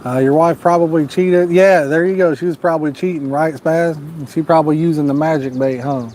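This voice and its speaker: A man's voice: on the high side, steady tone, a little fast, a little mellow, a little hiss or hum. A man hosting a live fishing stream outdoors at night, reading out viewer comments in a folksy, joking, laid-back way. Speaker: fishing channel host.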